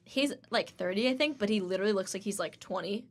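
A woman in her twenties co-hosts a podcast, telling rambling anecdotes stuffed with "like" and acting out the people in them. Her voice is mid-range and her pace is quick.

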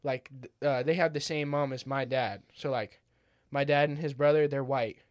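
A man's voice: mid-range voice, steady tone, moderate pace, no room sound, clean studio sound. A man from the United States in casual podcast chat, rambling and crude, laughing often. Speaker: podcast host.

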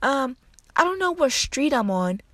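A cheerful, unbothered old grandmother who shrugs off every worry in a light, carefree tone, voiced by a young woman retelling the story. Her pitch sits a little above the teller's own, and the sound is close and dry. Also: very animated, a little slow, fairly bright tone, dry recording, full character voice. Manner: breezy, carefree.

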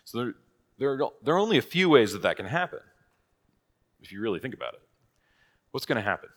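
A man's voice: medium pitch, sing-song, quick pace, a bit bright. A man teaching a church catechism class in a casual, conversational way, asking rhetorical questions and laughing at his own asides.

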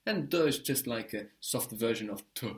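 A man's voice: medium pitch, lively intonation, normal speed. A man teaching a spoken language lesson, patiently explaining step by step and prompting his learner.

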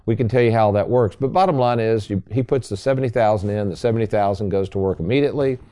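A man's voice: lowish voice, fast, dark tone. A man hosting a radio talk show as a financial advisor, folksy and salesy, speaking to listeners as folks.

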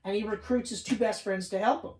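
Profane, excitable woman in a roomy echo. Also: medium pitch, quick pace. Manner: excitable, profane, acts out scenes in quoted voices. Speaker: podcast co-host. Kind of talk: casual movie discussion. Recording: roomy sound from a distant mic.

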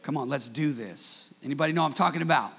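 A man preaching a sermon as pastor, leading call-and-response with the congregation and swinging between quiet asides and shouted passages. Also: fairly high pitch, quick pace, vocal fry.

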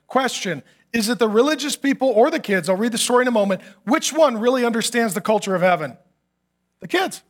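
Middle aged pastor guy preaching, really high voice, animated storytelling w jokes. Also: brisk. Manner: animated storytelling with acted quotes and humor. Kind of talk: sermon.

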